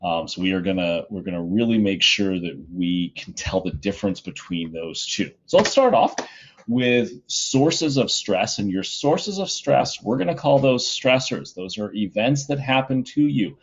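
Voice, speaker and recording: A middle-aged male high school teacher giving a casual, chatty recorded lesson from home, with plenty of fillers. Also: animated, unhurried, slightly rough, dull audio.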